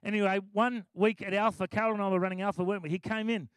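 A man's voice: high-pitched, fairly even intonation, rapid-fire, few pauses, dry recording. A middle-aged Australian man sharing a testimony in a sermon, enthusiastic and conversational. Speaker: preacher giving testimony.

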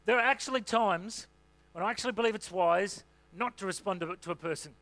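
Bright, high-voiced pastor preaching casually. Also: male voice, a little fast. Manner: conversational, filler-heavy preaching with frequent "you know". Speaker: senior pastor. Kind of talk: sermon.

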